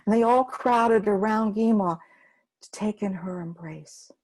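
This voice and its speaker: A woman storyteller narrates a homespun folk tale. Her delivery is expressive and paced for listeners, moving naturally between scene and dialogue. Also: medium pitch, a little slow, slight background noise.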